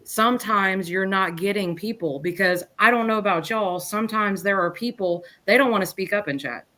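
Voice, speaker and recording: A woman guest on a podcast, chatting casually in a rambling, lively way and often restarting her sentences. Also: mid-range voice, moderate pace. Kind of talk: casual chat.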